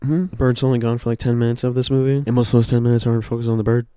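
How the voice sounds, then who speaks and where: A man's voice: medium pitch, steady tone, racing, dark tone, clear, resonant tone, no echo. A young man hosting a comedic movie commentary in a sarcastic, profane, exasperated way. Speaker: movie review host.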